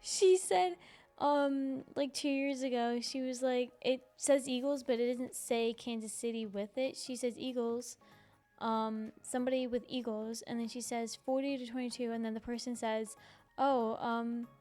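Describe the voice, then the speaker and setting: A woman's voice: a little high, fairly even intonation, a little slow, dark tone, faint music behind. A young woman hosting a casual solo podcast, gushing and giggling, with many ums and likes. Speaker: podcast host.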